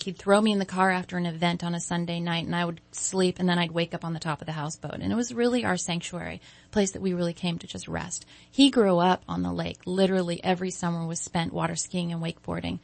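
A woman in her forties, a guest event designer, chatting in an interview and telling lively stories. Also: lowish voice, fast talker, creaky, dry recording. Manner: animated storyteller, acts out quoted voices. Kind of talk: casual interview chat.

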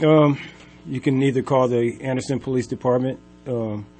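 A man talking as a dog-trainer guest on a radio show, speaking haltingly with lots of ums. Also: mid-range voice, steady tone, soft background music. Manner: halting, many ums, soft-spoken. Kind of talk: casual radio interview.

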